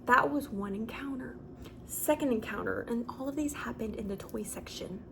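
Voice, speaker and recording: Young woman, story-time vlog, casual and animated, filler words, faint hiss. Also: a little high, moderate pace, gravelly. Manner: chatty and animated, with many fillers. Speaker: vlogger.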